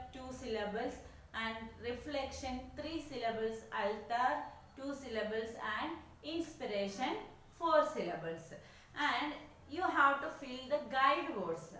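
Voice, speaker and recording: A woman teaches a lesson at an unhurried pace, saying each word several times. Her voice sits slightly high. She is heard from a distance in a very echoey room with faint background noise. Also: a bit bright. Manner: slow, repeats each word many times. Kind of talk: classroom lesson on syllables.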